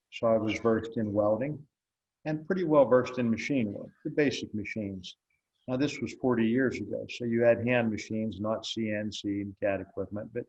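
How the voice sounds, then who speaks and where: A man's voice: fairly low pitch, darkish tone, highs cut off. An older man, an interviewed blacksmith, telling stories in a wry, folksy way, acting out the dialogue. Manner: folksy, wry storyteller who acts out dialogue. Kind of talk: relaxed storytelling in an interview.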